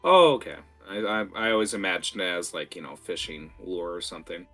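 A man running a tabletop game as game master, talking in a lively, rambling way with fillers. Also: deep voice, fairly quick, faint music behind.

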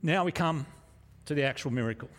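A man's voice: a little high, a little fast, a bit bright. A man preaching a sermon in an earnest, emphatic way, often restarting his phrases. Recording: echoey hall reverb.

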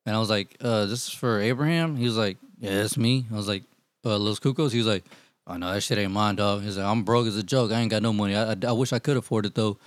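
A man telling profane, animated stories in casual chat with friends, acting out what people said. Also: fairly low pitch, fast, dry recording. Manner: profane, animated storytelling, acts out quotes. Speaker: storyteller among friends.

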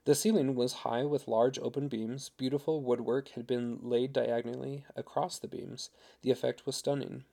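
A man narrating a story in a steady, unhurried reading voice. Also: medium pitch, creaky. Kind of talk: audiobook narration.

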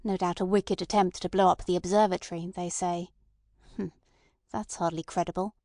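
A woman's voice: on the low side, steady tone, normal speed, dark tone, no room sound, studio quality, close to an everyday voice. A woman doing the voice of Ossipon, an agitated male anarchist. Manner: blunt, agitated.

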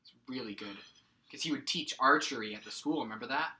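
A young man co-hosting a podcast in casual chat, talking in halting restarts and swearing freely. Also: medium pitch, sharp tone. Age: young adult. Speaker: podcast co-host.

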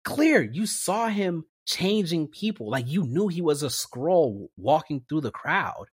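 A man's voice: on the high side, unhurried, husky, no room sound, clean studio sound. Laughing, slangy man in casual chat. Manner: animated, laughing, slangy storytelling. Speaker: podcast co-host.

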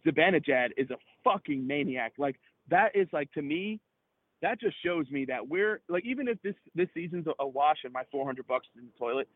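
A man in casual sports chat on a podcast, excitable and profane, rambling with lots of fillers. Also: a little high, a little fast, no room sound. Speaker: podcast co-host. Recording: tinny phone-like line.

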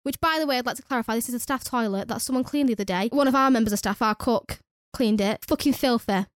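A woman's voice: a little high, quick pace, dry recording, clean studio sound. A young woman who works at a nursery, telling a story in casual chat with lots of swearing and exasperated ranting. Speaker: nursery worker.

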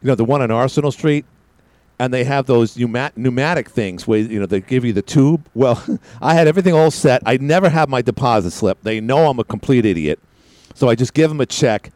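Male talk radio host, breathless and rambling, swooping pitch, dry close studio sound. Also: brisk, no room sound. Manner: rambling, self-mocking storyteller with lively pitch swings. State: a little out of breath. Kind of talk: casual radio monologue.

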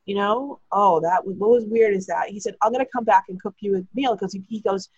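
A woman's voice: mid-range voice, a little fast, few pauses, darkish tone, husky, no echo, muffled recording. A woman telling a long personal story in a chatty, breathless way, acting out the lines of the people in it. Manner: chatty, breathless retelling with quoted dialogue. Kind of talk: casual storytelling.

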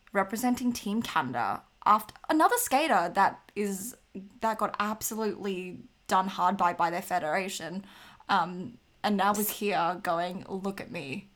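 A woman's voice: medium pitch, expressive, measured pace, a bit bright. A woman co-hosting a casual chat show, upbeat and playful. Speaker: podcast co-host. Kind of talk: casual chat about figure skating.

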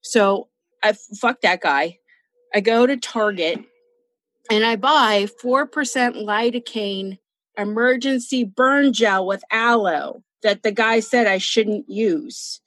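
A woman's voice: medium pitch, slow, a bit bright, dry recording. A woman hosting a true crime podcast, chatting casually in a blunt, profane way. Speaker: podcast host telling a true crime case.

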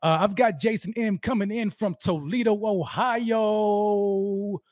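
A man hosting a fan livestream, energetically shouting out viewers by name and talking about how fired up he is. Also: high voice, fairly even intonation, slow pace, dry recording, clean studio sound. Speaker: host of a fan livestream show. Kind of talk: energetic live-stream roll call.

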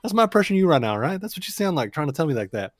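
A man talking casually at a tabletop game, joking and boastful with a loose tongue for swearing. His pitch swings a lot as he talks, and his voice sounds close and dry. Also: big pitch swings, racing, no echo. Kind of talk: casual in-character banter.

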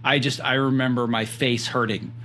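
A man's voice: mid-range voice, level tone, normal speed, sharp tone, a little hiss or hum. Enthusiastic male interview host. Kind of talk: conversational interview. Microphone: video call.

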